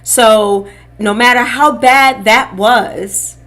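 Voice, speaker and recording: A middle-aged woman hosting a podcast, telling a personal story in a slow, reflective way and calling her listeners beloved. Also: fairly high pitch, fairly even intonation, fairly bright tone. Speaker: podcast host. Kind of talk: personal testimony, casual talk.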